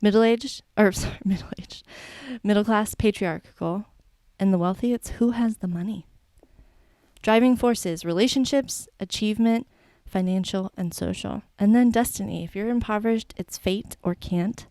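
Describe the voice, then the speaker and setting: A woman's voice: medium pitch, moderate pace, dark tone, no echo. A woman co-hosting a podcast in a chatty, irreverent way, laughing often and swearing casually. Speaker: podcast co-host.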